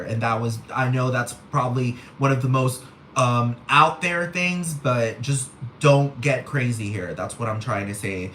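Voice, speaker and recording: A man ranting in a profane, animated, comedic way, laughing often as he goes. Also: mid-range voice, unhurried. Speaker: vlogger. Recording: roomy echo, faint room noise.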